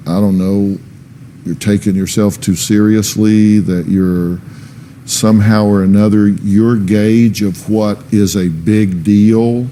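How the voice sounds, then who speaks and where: Guy hosting a tv talk show, pokes and prods, kinda sarcastic, mellow tone. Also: fairly low pitch, slight background noise. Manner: blunt, probing, sarcastic. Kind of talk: confrontational talk show questioning. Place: TV studio stage.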